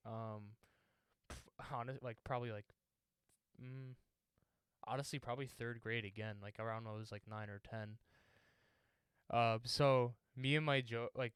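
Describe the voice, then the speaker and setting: Slow, hesitant young man. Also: medium pitch, clear, resonant tone, dry recording, clean studio sound. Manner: hesitant, with many fillers and trailing off quietly. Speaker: podcast co-host. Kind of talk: casual chat.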